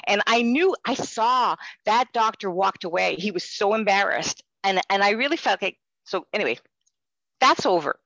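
A woman's voice: medium pitch, lively intonation, normal speed, pushed and bright, dry recording, highs cut off. A woman sharing a personal faith testimony in earnest, rambling storytelling.

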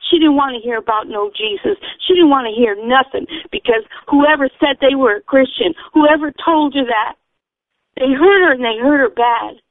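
Earnest woman, high-ish gravelly voice, rambling testimony, dry and tinny like a phone line. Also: dry recording. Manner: rambling, earnest, self-correcting. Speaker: storyteller. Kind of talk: personal faith testimony. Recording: tinny phone-like radio sound.

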